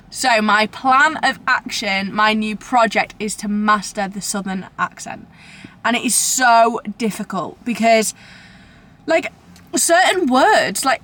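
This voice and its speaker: This young British woman vlogs to camera in a rambling, self-deprecating, casual chat. Her voice sits in the mid-range and sounds a little bright.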